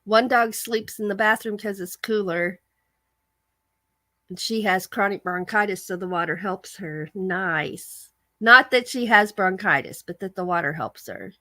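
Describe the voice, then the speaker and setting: A woman's voice: medium pitch, measured pace, sharp tone, no room sound. A woman hosting a casual livestream, telling a chatty story and reading viewer comments aloud. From American. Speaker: livestream host. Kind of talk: casual live-stream chat.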